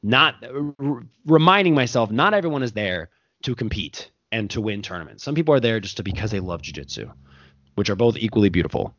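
A jiu-jitsu coach talks at length on a podcast in a lowish, fairly quick voice with no echo, recorded in dull lo-fi audio. He's animated and rambling, often stopping to correct himself.

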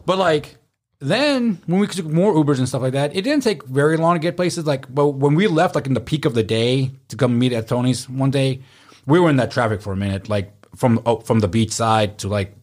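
A man casually telling animated stories among friends, swearing freely and acting out what people said. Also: medium pitch, brisk. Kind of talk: casual storytelling chat.

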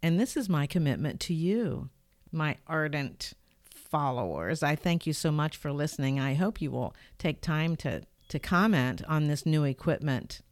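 A woman's voice: low voice, moderate pace, dry recording. An older woman hosting her own podcast from her home studio, telling a personal story in an earnest, reflective way. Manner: earnest, reflective, lively when retelling events. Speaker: podcast host. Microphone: studio microphone.

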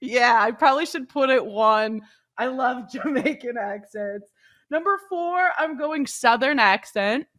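A woman from Canada co-hosting a casual podcast chat, playful and animated. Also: high-pitched, unhurried. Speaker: co-host.

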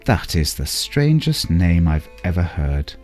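A man voicing a trusting, cheerful little female mouse in a gentle, higher storytelling voice. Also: sing-song, unhurried, soft background music. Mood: puzzled.

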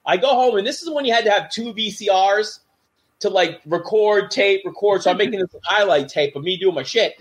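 Brisk and high-voiced, a middle-aged man who used to wrestle swaps backstage stories in a relaxed conversation. He gets animated, imitating the voices of people he's quoting.

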